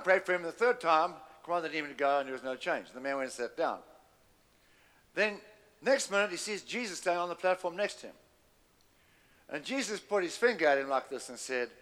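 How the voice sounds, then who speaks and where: A man's voice: on the high side, fairly bright tone, long reverb tail. A man preaching a sermon, emphatic and calling on the congregation to repeat after him. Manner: emphatic, call-and-response with the congregation. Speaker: pastor.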